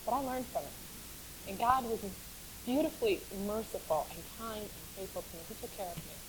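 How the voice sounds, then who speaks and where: A woman's voice: medium pitch, animated, brisk, a little hiss or hum, low-quality recording. A woman sharing a personal faith testimony in a chatty storytelling way, often laughing and repeating words for emphasis. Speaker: speaker sharing her testimony.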